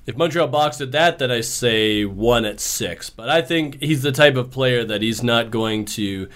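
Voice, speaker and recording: A man co-hosting a sports podcast, giving measured takes in a relaxed, conversational way. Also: mid-range voice. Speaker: podcast co-host. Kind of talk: casual sports talk.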